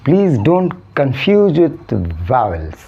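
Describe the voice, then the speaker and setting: A man with an Odia accent teaching English pronunciation, repeating each vowel sound several times with drawn-out emphasis. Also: a little high, wildly swooping pitch, husky. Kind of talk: slow, deliberate spoken English lesson. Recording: slightly dull, lo-fi sound.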